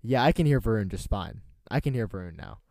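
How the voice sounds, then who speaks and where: A man's voice: lowish voice, lively intonation, fairly quick, darkish tone, dry recording, clean studio sound. A young man from North Carolina hosting a casual live stream show, rambling, joking and laughing often as he passes on what a friend on a call says. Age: young adult.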